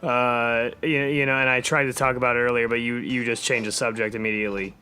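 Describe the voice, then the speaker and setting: A man co-hosting a comedy podcast who defends himself in halting explanations. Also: mid-range voice, little pitch movement, pushed and bright, soft background music. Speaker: podcast co-host.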